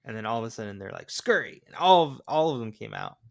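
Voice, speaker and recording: Male podcast co-host, mid-pitched, easy chatty film talk. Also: sing-song, fast, creaky. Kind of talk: casual film discussion.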